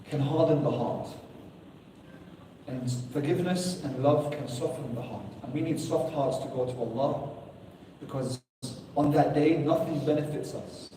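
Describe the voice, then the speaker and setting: A man giving a Ramadan sermon as an expressive storyteller who lifts his voice for emphasis. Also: fairly high pitch, slight background noise. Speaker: Islamic lecturer. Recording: echoey hall, voice from far off.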